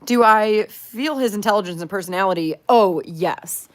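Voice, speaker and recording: Casting: young woman vlog host, chatty and upbeat, heavy "like" fillers, mid pitch. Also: expressive, normal speed, few pauses, fairly bright tone. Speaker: pet pig owner, channel host. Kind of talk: casual chat answering viewer questions.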